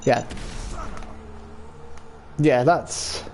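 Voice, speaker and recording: Brief: male streamer, gravelly voice, mid pitch, loose chatty game commentary. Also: drawn-out words, a little mellow. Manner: chatty, chuckles often, talks to chat. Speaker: gaming streamer. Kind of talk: casual let's-play commentary.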